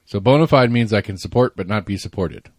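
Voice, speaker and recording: A man's voice: lowish voice, expressive, fairly quick, no echo. A man, co-hosting a casual podcast chat, rambling, repeating words and swearing offhand. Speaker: podcast co-host.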